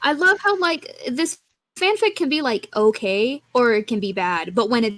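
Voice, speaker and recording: A woman's voice: fairly high pitch, animated, normal speed, fairly bright tone, no echo. A woman chatting casually with friends on a comedy stream and swearing freely. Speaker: guest reader on a comedy stream. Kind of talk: casual chat.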